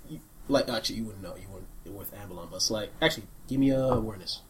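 A man's voice: on the low side, fast, a little hiss or hum, rough recording. A man running a tabletop game as game master, rambling loosely with lots of fillers.

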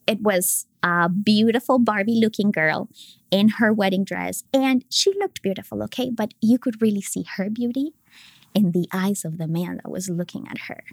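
A woman in her thirties, appearing as a podcast guest, shares a personal faith story earnestly and emotionally, at times dropping to a soft whisper. Her voice is medium-pitched at a moderate pace, and the recording is dry.

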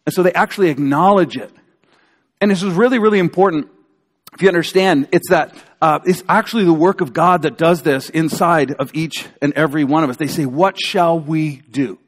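Conversational pastor with hall reverb. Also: male voice, on the high side, a little fast. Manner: conversational, animated storytelling with acted-out quotes. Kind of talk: sermon. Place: church sanctuary.

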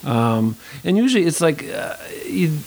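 A man's voice: on the high side, very animated, unhurried, a little mellow, low-quality recording. Middle-aged man talking shop, rambling. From United States. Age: 50s. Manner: rambling, with many restarts and asides. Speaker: actor guest. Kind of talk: casual interview talk.

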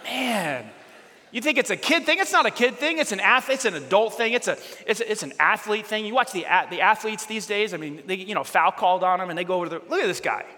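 A male pastor with a high, bright voice gives a chatty sermon full of questions to his listeners. His words ring out with the long reverb of a church hall. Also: expressive, fast talker. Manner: chatty, asks the audience questions, repeats words as he goes. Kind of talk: casual conversational sermon.

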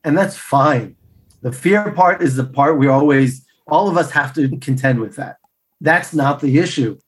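A middle-aged man, a podcast guest, telling personal stories in an animated way and acting out the dialogue. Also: fairly high pitch, unhurried. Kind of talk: storytelling interview answers.

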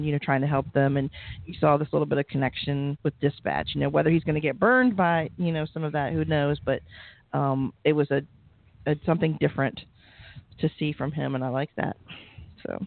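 Male co-host, slightly high, gravelly, halting delivery, dry tinny line. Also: dry recording. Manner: halting, many restarts and fillers. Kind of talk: casual TV recap chat. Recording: dry, phone-like audio.

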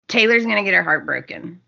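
A woman co-hosting a podcast, chatting casually about a soap opera, animated and laughing often as she acts out the scenes. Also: on the low side, gravelly, highs cut off. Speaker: podcast co-host.

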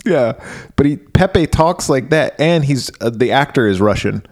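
A man's voice: medium pitch, lively intonation, measured pace, a little mellow. A man co-hosting a podcast, chatting casually about an old movie, cursing freely and laughing often. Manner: profane, laughing, jokey. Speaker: podcast co-host.

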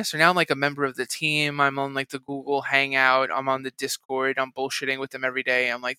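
A man's voice: medium pitch, fast talker, smooth, dry recording, studio quality. A man in his thirties, a voice actor and game writer, telling a story casually with lots of fillers and acted-out quotes. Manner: animated, acts out quotes, many fillers.

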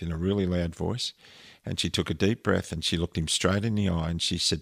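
A man with a very low, deep voice tells a deeply personal story, earnest and emotional, often restarting his sentences. The sound is dry and close, with no room around him. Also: fairly even intonation, fairly quick, creaky, fairly bright tone, husky, no room sound. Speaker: interview guest. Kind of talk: personal story told in conversation.

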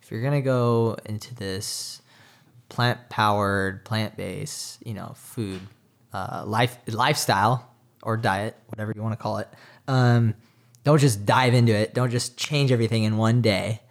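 A man's voice: lowish voice, fairly even intonation, measured pace. Earnest young man, casual chat. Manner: earnest, talks with many "like" fillers. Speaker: triathlete guest.

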